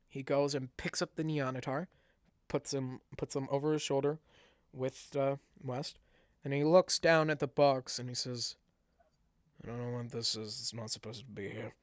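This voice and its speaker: A man's voice: medium pitch, no echo. A man narrating a tabletop game as game master, telling the story with frequent restarts.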